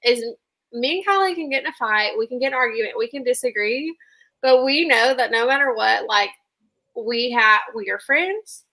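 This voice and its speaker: A chatty young woman co-host with a bright, forceful voice sitting a little high. She recaps in loose, quick talk, piling on "like" as she goes. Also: expressive, rough recording. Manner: chatty, quick, says like a lot. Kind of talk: casual recap chat.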